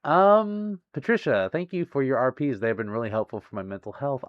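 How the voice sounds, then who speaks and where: A man livestreaming casually from home, reading viewer messages aloud, giggling often and apologizing warmly. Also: medium pitch, animated, brisk, hardly any pauses, dry recording. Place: home, near a busy street. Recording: dry, slightly muffled stream audio.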